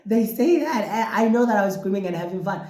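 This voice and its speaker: A man hosting a casual podcast monologue, talking in an animated, expressive way and exclaiming often. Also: high voice, brisk, reverberant. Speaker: podcast host.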